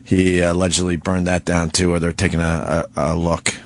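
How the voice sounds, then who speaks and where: A man's voice: low-pitched, level tone, normal speed. A man co-hosting a radio talk show in a studio, firing blunt, teasing questions in casual banter.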